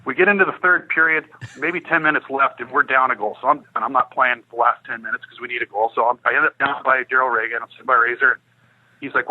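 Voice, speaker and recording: Medium-pitched and fast-talking with a breathy edge, a former hockey pro in his fifties tells lively podcast stories, acting out every quoted exchange. The recording sounds narrow and tinny.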